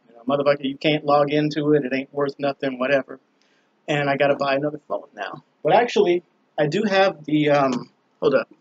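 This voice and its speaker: A man with a fairly high voice talks a little fast, recorded muffled by a camera on a small balcony. He rambles casually through a story, cursing and using plenty of fillers.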